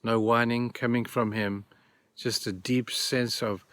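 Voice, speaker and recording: A church speaker's medium-pitched, fairly bright voice moves little in pitch as he delivers a short devotional a bit slowly. Earnestly and plainly, he recasts scripture stories in everyday words and repeats key phrases for emphasis.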